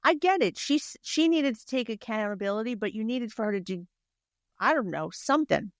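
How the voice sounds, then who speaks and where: A woman's voice: a little high, lively intonation, a little fast, no room sound, studio quality. A woman co-hosting a podcast, giving blunt, opinionated takes on a book in casual chat and swearing freely. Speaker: podcast co-host.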